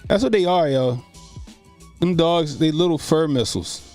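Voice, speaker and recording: A man's voice: on the high side, lively intonation, moderate pace, a little mellow, faint music behind. A man hosting a casual live stream, telling loose, profane, laughing stories and answering chat comments, speaking. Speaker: streamer host.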